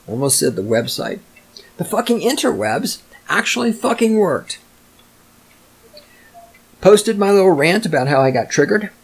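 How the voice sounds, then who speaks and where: Man, solo podcast rant, foul-mouthed, sarcastic, exasperated, mid-pitched voice. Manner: swears constantly, sarcastic, exasperated. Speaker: podcast host.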